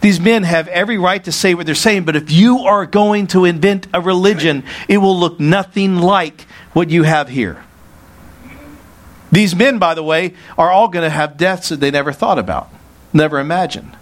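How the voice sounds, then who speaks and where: A man's voice: high voice, moderate pace. Earnest preaching man. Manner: earnest preaching with rhetorical questions. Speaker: pastor. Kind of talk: sermon.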